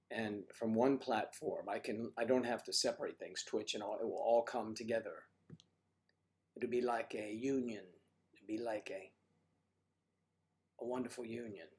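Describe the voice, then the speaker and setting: An older man with a husky voice and a cold, chatting casually as a livestream host, rambling and joking with his viewers. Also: medium pitch, fairly even intonation, normal speed, long pauses, darkish tone. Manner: rambling and joking, talks to chat. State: has a cold.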